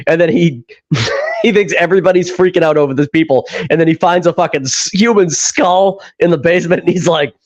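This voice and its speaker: A man hosts a loose podcast chat. His voice sits high and bright, and he talks with an animated, profane energy. The recording is dull and lo-fi. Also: a little fast. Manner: animated, swears, retells scenes with laughing. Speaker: podcast host. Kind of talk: casual chat. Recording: dull lo-fi sound.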